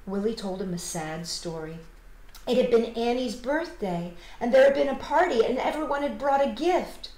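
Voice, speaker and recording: A woman children's storyteller reading a picture book aloud, expressive and playful, talking to young viewers at home. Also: fairly high pitch, normal speed. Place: home, livestreamed. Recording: roomy home livestream audio.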